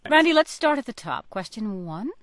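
Brisk woman radio host. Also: medium pitch, big pitch swings, dry recording, studio quality. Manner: brisk, guiding, lightly playful. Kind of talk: radio interview hosting.

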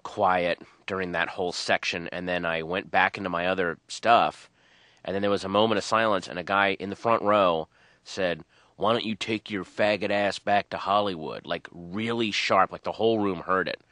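A man in his thirties, a stand-up comedian, rambling and animated as he tells stories in a radio interview. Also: low voice, moderate pace, dry recording. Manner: rambling, animated storytelling with quoted voices.

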